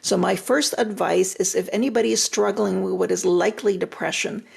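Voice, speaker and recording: An older woman with a deeply gravelly, husky voice gives relationship advice on a live stream. She talks directly and reassuringly, often repeating a phrase for emphasis. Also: steady tone, fairly quick. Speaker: retired relationship therapist giving advice.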